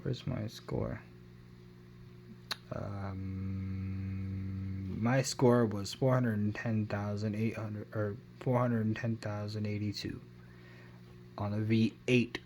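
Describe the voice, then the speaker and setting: A man's voice: on the low side, steady tone, slow pace, creaky, pauses often, a little mellow, a little hiss or hum. A man giving a casual phone review, rambling and correcting himself as he goes. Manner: rambling, self-correcting, unsure of his numbers. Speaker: tech vlogger.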